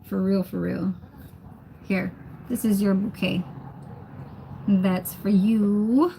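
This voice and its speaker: A woman's voice: mid-range voice, steady tone, slow, gravelly, warm tone, a little hiss or hum. A young woman, chatting casually on a livestream while she cooks, reading comments and laughing often. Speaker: livestream host. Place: home kitchen.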